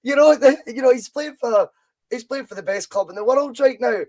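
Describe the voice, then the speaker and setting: Emphatic Scottish man, high voice. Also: brisk. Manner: animated, opinionated, emphatic. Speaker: podcast host. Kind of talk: casual football chat.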